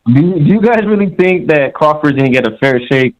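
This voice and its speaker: A man's voice: a little high, expressive, fast talker, lo-fi sound. Swaggering, crude male caller. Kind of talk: casual storytelling on a call-in show.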